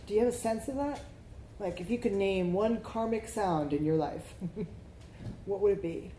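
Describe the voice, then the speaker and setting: A woman's voice: medium pitch, normal speed, mellow. A woman meditation teacher giving a reflective dharma talk, drawing answers from the group and often checking in with "right?". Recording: echoey room, faint background noise.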